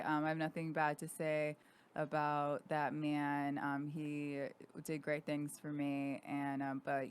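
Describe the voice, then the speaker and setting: Young woman, podcast host, lowish smooth voice, rambling casual delivery. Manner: chatty, rambling with many fillers. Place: podcast studio.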